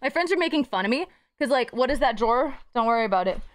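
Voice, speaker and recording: A woman's voice: fairly high pitch, animated. A young woman streaming live, chatting casually with her chat, playful and profane. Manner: playful, swearing, quick jumps between topics.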